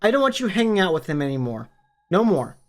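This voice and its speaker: A man's voice: sits high, very animated, fast talker, voice pushed up. A man reading the lines of a worried, stern but loving mother as he retells a book. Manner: firm, pleading.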